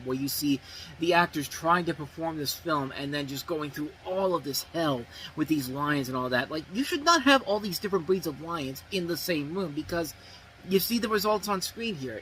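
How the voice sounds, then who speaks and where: A man hosts his movie review show in a loose, rambling way, restarting sentences as he goes. His voice sits a bit high and sounds bright and forceful. Faint noise sits under the recording. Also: expressive, normal speed, low-quality recording. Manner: rambling, self-correcting, many "I mean"s. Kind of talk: casual spoken movie review.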